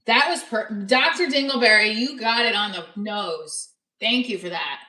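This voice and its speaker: A woman's voice: a little high, moderate pace, pushed and bright, roomy sound, low-quality recording. A woman comedian with a New Jersey accent, chatting casually on a live stream, blunt and profane, reading viewer comments aloud.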